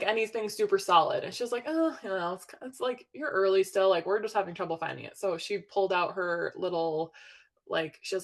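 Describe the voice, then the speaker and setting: A woman's voice: medium pitch, a bit bright. Chatty woman recounting her story. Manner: chatty, heavy use of "like"; acts out quoted speech vividly. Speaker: podcast guest. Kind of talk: personal storytelling.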